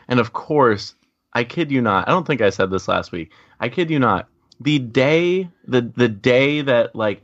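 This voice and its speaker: A man's voice: mid-range voice, dry recording, dull audio. Complaining male podcast co-host. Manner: complaining, animated storytelling. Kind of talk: casual podcast chat.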